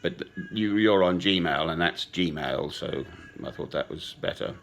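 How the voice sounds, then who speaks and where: Slow, deep-voiced man in his sixties. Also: slight background noise. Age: 60s. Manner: slow, sentimental and wandering, with chuckles. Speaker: speaker addressing a woman. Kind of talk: rambling personal monologue.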